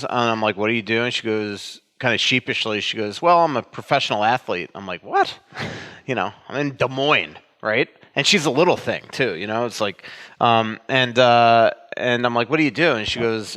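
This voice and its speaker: A man's voice: on the low side, clear, resonant tone. Man telling a story in a long-reverb hall. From Florida. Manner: meandering, animated anecdote-telling. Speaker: sports writer and co-host. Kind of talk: casual podcast chat.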